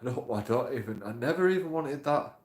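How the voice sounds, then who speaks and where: A man's voice: medium pitch, animated, fairly quick. A man talks in a rambling, emotional monologue for his channel, swearing and repeating himself. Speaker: YouTube auditor vlogger. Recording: roomy echo.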